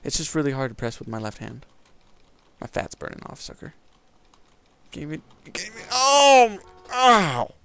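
Over his gameplay, a young commentator rambles, cracks jokes, and mocks himself. He speaks at a normal speed in a mid-range, creaky voice with lively intonation and long pauses.

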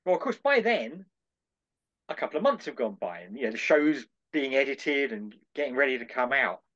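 An older male guest on a podcast recounts an anecdote at length with medium pitch and normal speed, bringing the conversation to life by doing different voices. Everything is captured as dull, lo-fi call audio.

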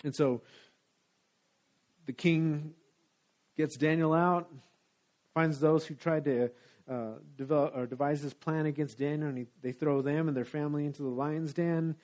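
Man, pastor, fairly high voice, laid-back conversational preaching, sermon. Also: steady tone, a little slow, long pauses, a little mellow. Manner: conversational, casual preaching with restarts. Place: church sanctuary.

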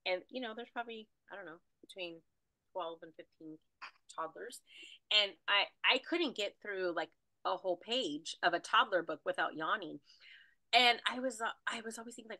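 A woman energy healer talking casually and animatedly, rambling with fillers as she guides a spiritual clearing. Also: mid-range voice, moderate pace, pushed and bright, no echo, rough recording. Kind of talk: casual spiritual healing talk.

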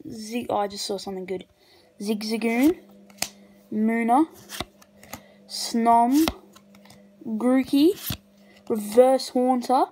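A woman opening trading card packs on camera in casual commentary, breaking into excited shrieks over good pulls. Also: a little high, slow, pauses often, slight background noise, low-quality recording.

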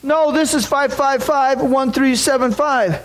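A man's voice: extremely high pitch, fairly even intonation, a little slow, voice pushed up, poor audio. A man voicing a frazzled young mother who blurts out her troubles while sobbing, during a sermon story. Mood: puzzled. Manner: blurting in a rush, near tears.

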